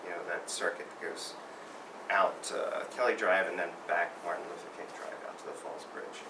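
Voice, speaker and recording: A man's voice: low voice, moderate pace. A man telling a rambling, self-mocking story about a near-miss on his bike. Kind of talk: personal storytelling. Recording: roomy, distant mic, faint noise.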